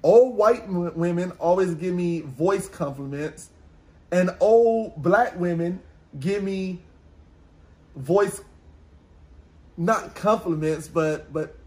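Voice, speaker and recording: Congested high-voiced young man. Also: slow, pauses often, a little mellow. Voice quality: congested, nasal-sounding voice. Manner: storytelling with many restarts, acting out callers. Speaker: podcast co-host. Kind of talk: casual chat.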